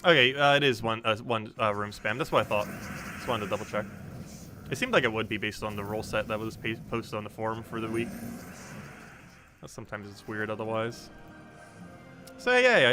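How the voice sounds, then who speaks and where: Playing a game on stream, a young man talks in a lowish voice with a sharp tone. His commentary is casual and rambling, full of ums as he responds to his chat.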